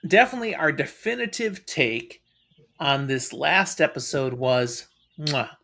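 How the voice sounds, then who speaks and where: A man's voice: a little high, expressive, unhurried, gravelly, pushed and bright. A man co-hosting a live stream, chatting casually and with enthusiasm. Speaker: podcast co-host.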